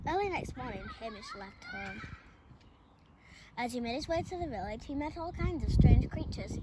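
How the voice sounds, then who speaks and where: A woman reads a children's picture book aloud, lively and expressive. Her voice sits slightly high. A heavy bed of noise runs under the recording. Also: normal speed. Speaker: storybook reader. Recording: loud background noise.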